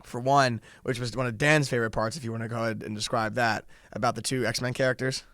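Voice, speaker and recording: A young man co-hosting a podcast in loose, casual chat. His voice is smooth and clear at a middle pitch. It sounds close and dry, and he strings his thoughts together in quick, laughing asides. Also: steady tone, fairly bright tone, no room sound. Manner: chatty, quick to laugh, talks in run-on asides. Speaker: podcast co-host.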